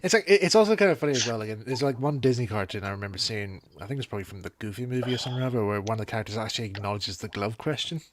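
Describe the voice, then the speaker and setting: A man telling funny cartoon scenes in casual chat. The sound is dry and close, with no room around him. He keeps the talk loose and animated. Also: fairly low pitch, very fast, few pauses, no echo. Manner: animated storytelling with voice impressions. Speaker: co-host.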